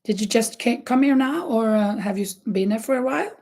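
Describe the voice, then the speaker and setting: A woman's voice: on the high side, expressive, fairly quick, darkish tone. A woman hosting a crochet livestream, chatting casually with viewers, with many fillers and restarts and frequent laughs. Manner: laughs often.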